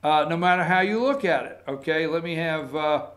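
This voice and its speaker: A man's voice: fairly high pitch, moderate pace, a bit bright. A man hosting a political opinion show, talking in a sarcastic, combative, rambling way with many asides. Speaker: political commentary host.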